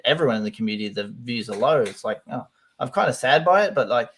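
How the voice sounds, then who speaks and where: An Australian man talking as a guest in a relaxed interview over a video call. His voice sits at an everyday middle pitch. He chats freely, laughs often and repeats words as he restarts his thoughts. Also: fast talker, slightly rough. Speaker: guest YouTuber. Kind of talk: casual interview chat.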